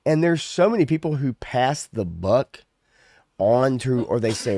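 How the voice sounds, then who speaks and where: A man's voice: medium pitch, animated, normal speed, darkish tone, dry recording. A man co-hosting a casual podcast, talking in a loose, ranting way with plenty of swearing. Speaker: podcast co-host. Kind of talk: casual chat.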